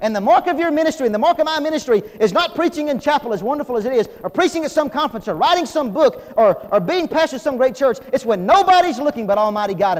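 A middle-aged man delivers a sermon in a chapel, his voice high. He is animated, pokes fun at himself, and keeps calling the congregation folks. Long reverb trails his words. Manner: animated, self-deprecating humor, addresses audience as folks. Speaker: preacher.

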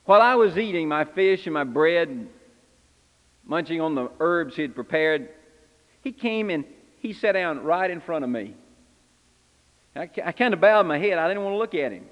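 A man's voice: on the high side, animated, normal speed, pauses often, a bit bright, long reverb tail. A man preaching in character as Simon Peter, an impulsive, repentant fisherman, telling his story in first person with earnest, confessional feeling. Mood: ashamed. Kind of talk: first-person dramatic sermon monologue.

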